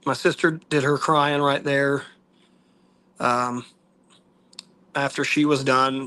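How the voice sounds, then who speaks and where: A man vlogging to viewers, telling a personal story in a halting, soft-spoken, earnest way. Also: a little high.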